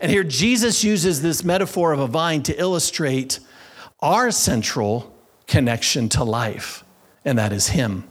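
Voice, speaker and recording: Emphatic preacher man, slightly high voice. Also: animated. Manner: emphatic, slows down to stress scripture phrases. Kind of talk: sermon.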